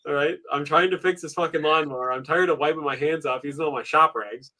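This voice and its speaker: A man's voice: a little high, fast, pushed and bright. A man in his thirties chatting casually on a stream, rambling, wry and full of swearing. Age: 30s. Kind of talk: casual chat.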